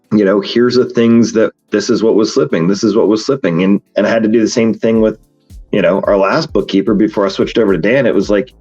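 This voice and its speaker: A man's voice: lowish voice, darkish tone, breathy edge, lo-fi sound. A man hosting a podcast in casual chat, talking frankly and rambling with many fillers and restarts. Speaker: podcast host.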